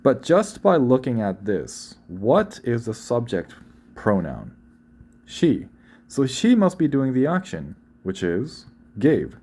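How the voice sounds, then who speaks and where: A man's voice: medium pitch, huge pitch swings, slow pace, warm tone, husky. A man teaching a beginner Korean lesson in English, explaining sentence order in a loose, conversational way and often checking in with "right?".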